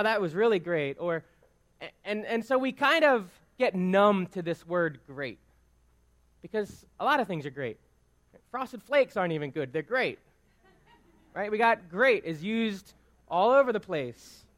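A man's voice: high-pitched, sing-song, measured pace, fairly bright tone. A man preaching a sermon, explaining scripture in a conversational way, often restarting words and checking in with "right?". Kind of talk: sermon teaching on a psalm.

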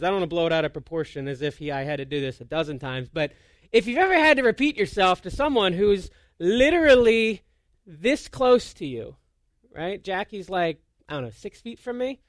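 A man with a fairly high voice delivers a relaxed, conversational sermon. He is an animated, self-deprecating storyteller who often stumbles and restarts mid-sentence. The sound is dry and close, with hardly any room echo. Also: normal speed. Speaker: pastor.

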